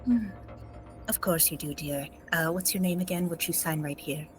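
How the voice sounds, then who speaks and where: A woman voicing a shrewd, flattering old woman who runs a supply depot and sweetly calls people dear. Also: low-pitched, moderate pace, faint music behind, lightly acted. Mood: calm.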